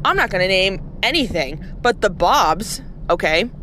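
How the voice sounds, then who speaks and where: A woman's voice: medium pitch, big pitch swings, normal speed, bright, forceful tone, slight background noise. A woman who works as a nurse, ranting in a casual, blunt and profane way, with heavy sarcasm. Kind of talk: casual rant to camera.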